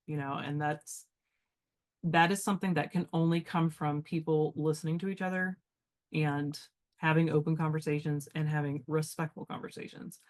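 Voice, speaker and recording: A woman's voice: sits low, fairly even intonation, normal speed. A woman who is a teacher, chatting casually as a podcast guest, talking things through in a reflective, rambling way with many fillers.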